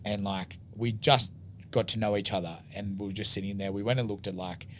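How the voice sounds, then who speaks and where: Australian man guesting on a podcast, lowish voice, casual rambling storyteller who acts out dialogue, faint background noise. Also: steady tone, fairly quick, sharp tone. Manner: rambling, lots of filler "like", swears, acts out dialogue. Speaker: interview guest.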